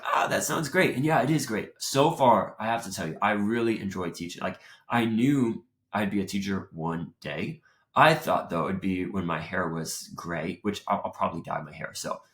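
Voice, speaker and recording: A young man with a fairly low voice hosts his own show in casual, chatty talk. He keeps it animated and plays out what went through his head. The sound is roomy and echoey. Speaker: show host. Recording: roomy echo.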